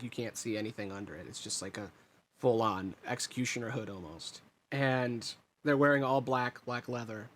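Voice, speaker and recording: A man runs a tabletop game, narrating events in an easygoing, wandering way. His voice sits at an ordinary middle pitch, and he pauses often to pick his words. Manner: relaxed, meandering narration with fillers. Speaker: game master.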